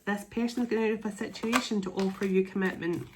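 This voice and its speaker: A woman doing a spiritual tarot reading to camera, emotional and excitable, reading card texts aloud. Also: medium pitch, fast, noisy background. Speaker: tarot reader.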